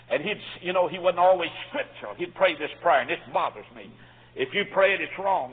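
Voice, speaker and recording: A man preaching a sermon, fervent and swinging between quiet storytelling and shouts. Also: sits high, animated, a little fast, husky. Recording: phone-like audio with long hall reverb.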